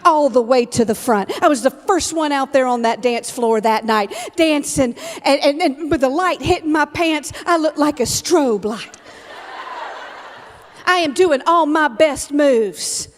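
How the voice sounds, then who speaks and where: A woman in her fifties giving a humorous storytelling keynote as a motivational speaker, told in an animated comic way. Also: sits high, measured pace, slight background noise. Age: 50s. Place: large event hall. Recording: long hall reverb from a live keynote.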